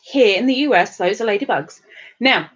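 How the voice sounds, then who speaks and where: A woman's voice: medium pitch, animated, moderate pace, husky, highs cut off. A woman with a sore throat, chatting casually and self-mockingly on a livestream as she reads out viewer comments. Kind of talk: casual chat.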